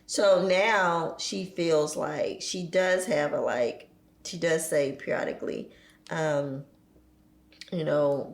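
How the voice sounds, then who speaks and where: Give me a lively woman in her forties with a low, gravelly voice who acts out family stories. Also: slow, echoey room. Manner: lively storyteller, acts out her children's voices, laughs often. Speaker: podcast guest. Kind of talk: casual chat.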